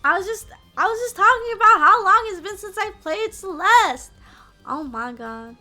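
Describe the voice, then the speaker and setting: High, bright-voiced young woman streamer. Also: animated, normal speed, soft background music. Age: 20s. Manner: chatty, peppers speech with "like" and "yeah?". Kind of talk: casual live-stream chat.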